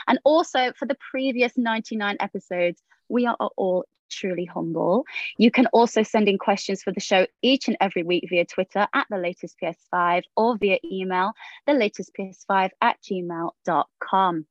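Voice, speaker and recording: A woman hosting a casual gaming podcast, reading announcements and listener mail in an upbeat, brisk way. Her voice sits mid-range and sounds dry and slightly dull, as if recorded close on a modest mic. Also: mid-range voice, no room sound. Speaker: podcast host.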